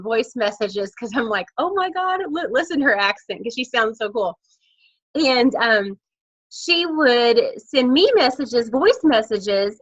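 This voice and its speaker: A woman coaches her team over a video call, her voice bright and a touch high. She talks in a chatty, candid way, telling stories as she goes. The sound is dry and a little dull, as a laptop mic gives it. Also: no room sound. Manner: chatty, candid, lively storytelling.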